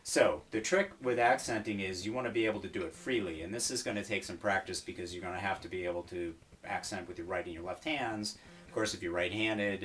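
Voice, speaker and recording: A mellow, lower-voiced man explains drumming technique in an easygoing way, counting beats aloud. He sits back from the microphone, with drum hits sounding behind him. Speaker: taiko drum teacher. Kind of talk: instructional video. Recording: distant mic, drumming behind. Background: taiko drum hits.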